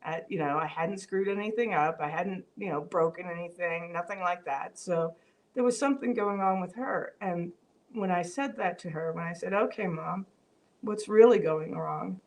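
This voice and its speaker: A woman's voice: on the low side, normal speed. Reflective woman with many fillers. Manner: reads viewer comments aloud. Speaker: vlog host. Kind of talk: casual live-stream talk.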